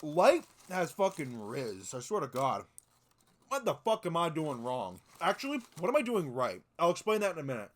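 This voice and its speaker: A man's voice: a little high, wildly swooping pitch, moderate pace. A male streamer giving casual reaction commentary, loose and full of swearing.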